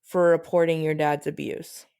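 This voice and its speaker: A woman hosting a podcast, reading a careful disclaimer and asking a guest questions in a soft, slightly breathy way. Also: sits low, flat delivery, normal speed. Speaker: podcast host.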